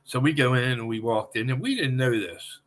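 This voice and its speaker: A man hosting a podcast, asking questions and telling his own story in a relaxed, conversational way. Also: medium pitch, brisk. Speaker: podcast host. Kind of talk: casual podcast chat.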